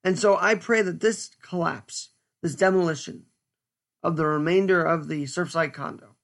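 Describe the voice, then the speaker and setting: A man giving an earnest, stern solo commentary as a podcast host, speaking deliberately with pauses. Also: fairly high pitch, vocal fry, a bit bright.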